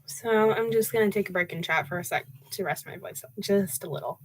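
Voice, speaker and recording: Young woman, live-stream book reader, chatty, casual narration, mid pitch. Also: fairly quick, slight background noise, poor audio. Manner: chatty, with fillers and laughs between reading.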